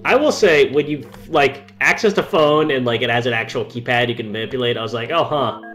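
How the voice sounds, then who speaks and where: A man's voice: medium pitch, a little fast, a bit bright, soft background music. A man co-hosting a game commentary show, wry and joking. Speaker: podcast co-host. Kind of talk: let's play commentary.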